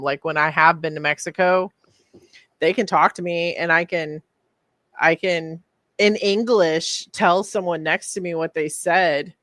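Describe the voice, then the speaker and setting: A woman's voice: lowish voice, a bit bright, no echo. A woman co-hosting a podcast in casual chat, chatty and teasing, who laughs easily. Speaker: podcast co-host.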